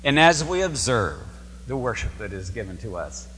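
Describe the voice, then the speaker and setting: Priest giving a sermon in a church, animated delivery, long hall reverb with faint hum. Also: male voice, mid-range voice, normal speed. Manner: emphatic, repeats key words, asks the congregation questions.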